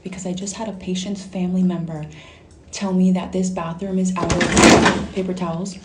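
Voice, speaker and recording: A woman's voice: lowish voice, level tone, normal speed, heavy background noise. A healthcare worker, a woman, giving a direct, earnest warning in a casual vlog. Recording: echoey room.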